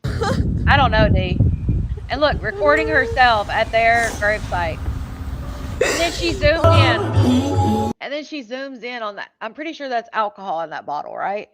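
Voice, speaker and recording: A woman's voice: fairly high pitch, animated, unhurried, long pauses, loud music behind the voice. A woman giving casual, indignant reaction commentary, rambling with frequent fillers. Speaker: true-crime commentator. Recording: dull lo-fi dry audio.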